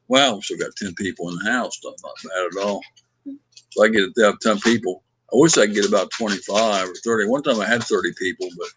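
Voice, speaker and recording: A man hosting a casual livestream from home, rambling and reading viewer comments out loud with lots of hesitant fillers. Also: fairly low pitch, dry recording. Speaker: livestream host. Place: at home with his dog.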